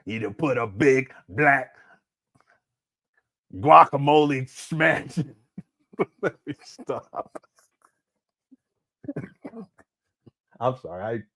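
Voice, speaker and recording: A man's voice: mid-range voice, lively intonation, very slow, long pauses, a bit bright. A man hosting a casual live commentary stream, mocking a clip he is reacting to and laughing often. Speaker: commentary channel host.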